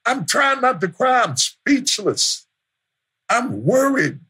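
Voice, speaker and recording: A man preaching a sermon as pastor, building to shouts through repeated refrains. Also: extremely high pitch, sing-song, slow, breathy edge.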